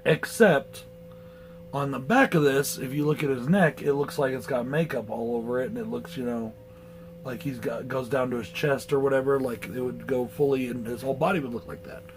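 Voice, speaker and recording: A man's voice: mid-range voice, fairly quick, a little hiss or hum, low-quality recording. A man giving a blunt, profane movie review in a casual rant.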